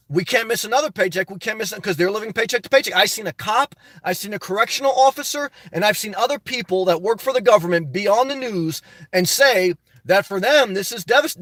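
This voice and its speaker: A man's voice: high-pitched, a bit bright, dry recording, studio quality. A man hosting a casual livestream, reading viewer comments aloud and riffing on them in a chatty way. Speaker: YouTube channel host reading live chat.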